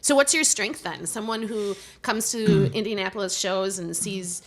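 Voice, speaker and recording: Woman host with a Milwaukee accent, animated interviewer, laughs easily, mid-pitched. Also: poor audio. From Milwaukee, USA. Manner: lively, laughs often, quick reactions. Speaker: podcast host. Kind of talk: casual interview chat.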